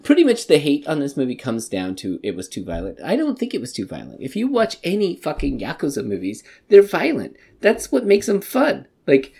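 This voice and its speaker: A man's voice: fairly high pitch, huge pitch swings, fairly quick, gravelly, few pauses, a little mellow, slightly rough. A man hosting a podcast, ranting profanely in casual movie review chat. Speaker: podcast host.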